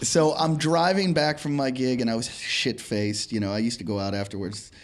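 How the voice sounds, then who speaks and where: A man's voice: medium pitch, steady tone, moderate pace. A comedian from Pittsburgh with an ordinary male voice in the middle range tells a story in casual podcast chat. He rambles and restarts his sentences and laughs at his own tale as he goes. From Pittsburgh, USA.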